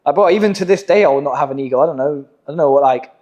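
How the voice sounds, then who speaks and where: Fast-talking young Englishman, slangy. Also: a little high, darkish tone, dull audio. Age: young adult. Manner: slangy, swearing, storytelling. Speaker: podcast host, agency owner. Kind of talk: casual chat.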